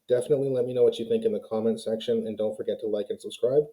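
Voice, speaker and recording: Very dark-voiced man ranting to viewers. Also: on the low side, fairly even intonation, racing, poor audio. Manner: heated, ranting, talks straight to viewers as "guys". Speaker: YouTube commentary host. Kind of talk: opinionated casual commentary to camera.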